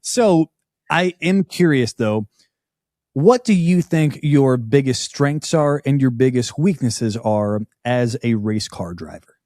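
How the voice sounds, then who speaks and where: Male podcast host, mid-range voice, relaxed and laughing, dry close sound. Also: mid-range voice, takes it slowly, no room sound. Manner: easygoing, laughs easily, swears casually. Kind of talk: casual interview chat.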